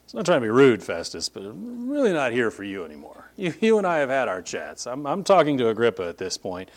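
A middle-aged male pastor delivering a sermon from the pulpit. He tells stories with animated shifts, slipping into the voices of the people he quotes. His voice sits in an ordinary middle pitch. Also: brisk.

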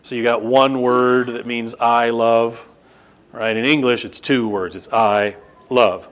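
A man's voice: steady tone, unhurried. A middle-aged male pastor preaching a sermon. He teaches the congregation emphatically and repeats words for stress. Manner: emphatic, rises to sharp high bursts and repeats "no, no, no"; teaching, explains Greek grammar to the congregation.

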